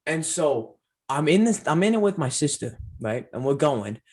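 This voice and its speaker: A young man from Canada, a podcast co-host, telling stories in a casual, animated way with lots of "like" fillers. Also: a little high, moderate pace. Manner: animated storyteller, acts out quoted voices, many fillers. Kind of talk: casual storytelling chat.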